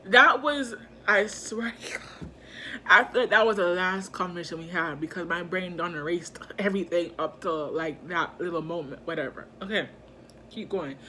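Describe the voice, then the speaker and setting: A woman's voice: fairly low pitch, normal speed, pushed and bright, slight background noise. A young woman telling a storytime in a casual, chatty way, full of slang and fillers. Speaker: vlogger.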